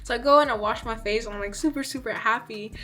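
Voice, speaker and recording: A woman's voice: fairly high pitch, fast talker, pushed and bright. A woman in her twenties telling a casual storytime, chatty, with lots of "like" as she acts out what people said. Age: 20s. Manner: chatty, fills speech with "like", acts out dialogue. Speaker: vlogger.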